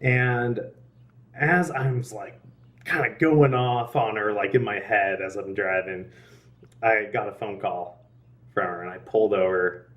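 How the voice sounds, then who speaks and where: Low-voiced young man sharing his faith. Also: fairly even intonation, a little slow, a bit bright, far from the mic. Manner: earnest, laughs often, many fillers and restarts. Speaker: interviewee. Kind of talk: casual personal testimony.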